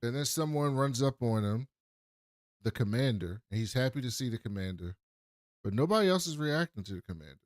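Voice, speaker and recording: A man co-hosting a podcast, retelling a TV episode in an animated way and acting out the quotes loudly. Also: mid-range voice, fairly quick, dry recording, clean studio sound. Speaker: podcast co-host. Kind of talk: casual TV recap chat.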